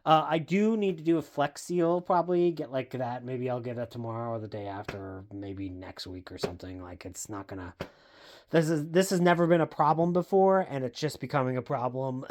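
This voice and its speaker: A woman's voice: a bass voice, darkish tone. Woman, casual vlog chat, rambling, self-deprecating, fillers and swearing. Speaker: book vlogger. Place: home basement.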